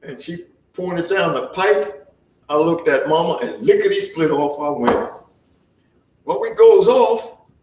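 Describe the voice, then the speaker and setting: A man telling a first-person historical story in character as an earnest young farmhand turned soldier, with a folksy dialect and an unhurried storytelling manner. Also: sits high, a little mellow, reverberant, far from the mic, rough recording.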